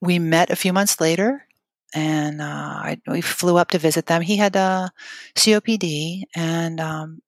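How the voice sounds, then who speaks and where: A middle-aged woman with a low voice shares a deeply personal story in an interview. She talks in an emotional, halting way, restarting her sentences and leaning on fillers. The sound is dry and close, with no room echo. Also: fairly even intonation. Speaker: guest telling her story.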